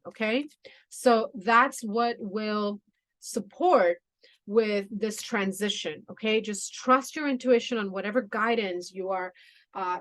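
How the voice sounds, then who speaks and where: A woman doing a spiritual tarot reading, talking in a soothing, reassuring way with many "you know" and "okay" asides. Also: medium pitch. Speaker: tarot reader.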